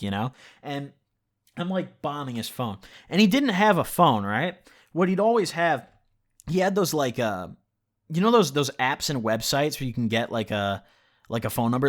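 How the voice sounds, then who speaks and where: A young man, a vlogger, telling a rambling, profane story in a casual storytime vlog. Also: medium pitch. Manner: rambling, profane, animated retelling.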